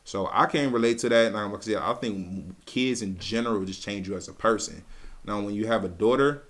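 Low-voiced man, relaxed podcast co-host. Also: brisk. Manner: relaxed, joking, talks through his points at length. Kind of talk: casual chat.

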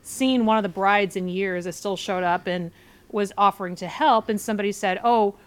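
A woman from Portland, Oregon, talking as a podcast guest and telling a story in an animated, exasperated way. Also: medium pitch, a little fast, clear, resonant tone. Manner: animated, exasperated, acts out quotes. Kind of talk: casual storytelling.

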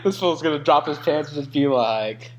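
A man's voice: fairly high pitch, a little hiss or hum. A man co-hosting a podcast, laughing often and acting out silly bits of imagined dialogue. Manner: giggly, slow, acts out mock dialogue. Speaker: podcast co-host. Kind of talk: casual comedic banter.

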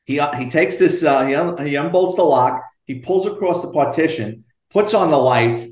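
A man, a retired detective spinning stories in a lively, salty way and voicing everyone in them. His voice sits a little high for a man. The room around him rings with a noticeable echo. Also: moderate pace. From New York. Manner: animated, profane, acts out quotes. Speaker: retired police detective, guest. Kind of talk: storytelling in a podcast interview.

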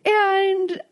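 A young adult woman co-hosting a podcast, telling a story in casual chat, laughing often and acting out what people said. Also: extremely high pitch. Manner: animated storyteller, laughs often, acts out quotes. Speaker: podcast co-host.

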